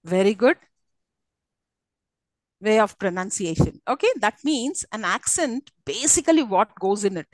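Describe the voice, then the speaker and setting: A woman's voice: medium pitch, animated, unhurried, long pauses, no echo, poor audio. Indian woman lecturing, dry close sound. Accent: Indian English. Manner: explanatory, many fillers and restarts, checks in with the class. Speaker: university English lecturer. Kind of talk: live online lecture.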